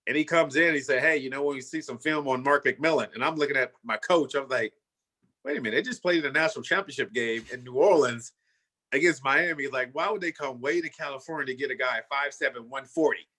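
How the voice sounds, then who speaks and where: A man's voice: mid-range voice, fairly quick, bright, forceful tone, slightly rough. A man in his fifties, a former football player, telling his story in a casual way and often saying "you know" and "man".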